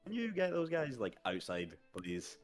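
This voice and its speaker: A man's voice: mid-range voice, huge pitch swings, moderate pace, over music. A man playing in a tabletop role-playing game, stammering and flustered. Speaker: player.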